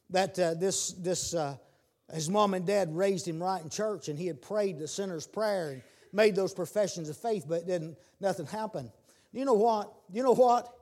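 A man preaching a sermon, repeating his words and building to shouted calls. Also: sits high.

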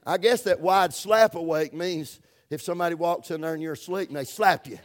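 A middle-aged pastor with a Southern US accent delivers a folksy sermon in a fairly high voice. He stretches words out for emphasis and swings between booming stresses and near-whispered phrases. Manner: folksy, emphatic, drawn-out preaching with sudden loud and soft turns.

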